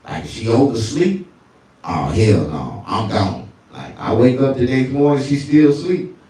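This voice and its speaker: A male stand-up comedian telling crude stories, often jumping into falsetto. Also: animated, unhurried, warm tone, very echoey, recorded from a distance. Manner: crude, storytelling, swings into falsetto.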